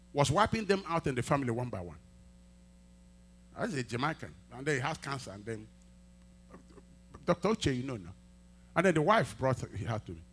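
A male pastor preaches a sermon, sharing a testimony and acting out its dialogue, moving from quiet asides to loud, emphatic peaks. His voice is medium-pitched with a breathy edge.

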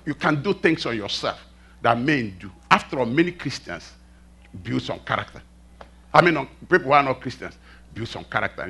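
A male preacher delivering a sermon, animated, throwing rhetorical questions at the congregation. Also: on the high side.

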